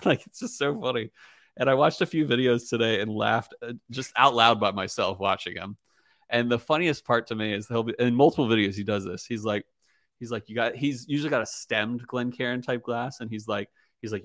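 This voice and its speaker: A young man hosts a casual podcast chat, rambling with plenty of fillers and laughing easily. His medium-pitched voice is a bit bright and a little fast, captured at studio quality with no room sound.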